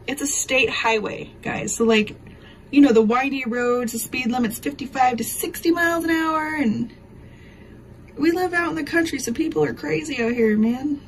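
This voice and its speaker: A woman's voice: high voice, normal speed, poor audio. Woman, home vlog, rambling, emotional, faint background noise. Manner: emotional, rambling storytelling with many fillers. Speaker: craft vlogger. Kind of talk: casual chat to camera.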